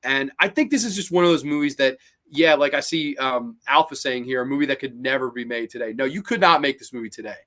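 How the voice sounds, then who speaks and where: A man's voice: mid-range voice, fast, hardly any pauses. A man hosting a casual live-stream movie chat, rambling and swearing a lot as he gets worked up. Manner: rambling, profane, animated. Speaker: host.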